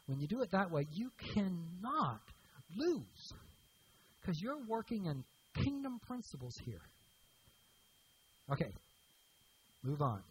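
Man, pastor, sermon delivery, emphatic, repeats key words, slightly high voice, faint background hiss. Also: poor audio.

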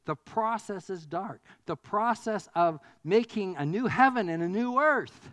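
Earnest preacher with a mid-pitched voice. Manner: earnest, building to emphatic declarations. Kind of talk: sermon.

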